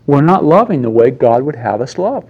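A man's voice: mid-range voice, sing-song, normal speed, a little mellow, breathy edge, muffled recording. Conversational male preacher. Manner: storytelling with acted-out quotes, conversational. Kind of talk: sermon.

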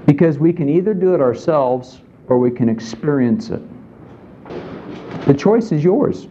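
A man's voice: fairly high pitch, expressive, measured pace, dark tone, highs cut off, a little hiss or hum. A man preaching a sermon in a conversational way, often asking his listeners questions. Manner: conversational, asks the congregation questions. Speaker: pastor.

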